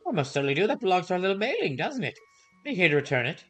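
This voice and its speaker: A man reading game dialogue aloud, voicing a gentle, chatty older woman shopkeeper in a soft, higher put-on voice. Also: very animated, rapid-fire, soft background music, exaggerated voice. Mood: kindly. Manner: gentle and polite.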